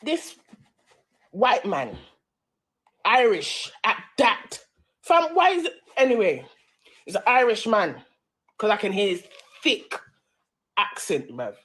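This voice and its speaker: A woman's voice: mid-range voice, big pitch swings, takes it slowly, long pauses, a bit bright. A woman with a London accent, hosting a live-stream radio show, telling a heated story full of slang and swearing.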